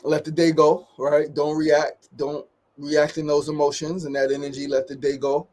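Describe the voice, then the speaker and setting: A man's voice: on the high side, monotone, moderate pace, a little mellow. A man hosting his daily show, giving casual motivational talk with upbeat repeated phrases and frequent "right?" tag questions.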